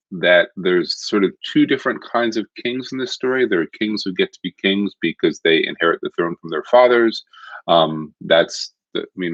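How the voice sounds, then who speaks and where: A man with a very low voice gives a recorded literature lecture. He talks in a conversational way, explaining ideas step by step. The sound is dry and dull, like a lo-fi home recording. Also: no room sound.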